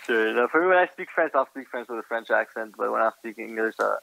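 A man in his thirties with an American accent, a chef answering interview questions in a halting way, restarting and repeating words. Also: mid-range voice, animated, creaky, pushed and bright, no echo, low-quality recording. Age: 30s. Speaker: guest chef.

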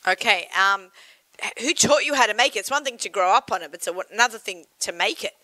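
A woman hosting an interview, firing quick, excitable follow-up questions. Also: medium pitch, no echo, rough recording. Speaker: interviewer host. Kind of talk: casual interview.

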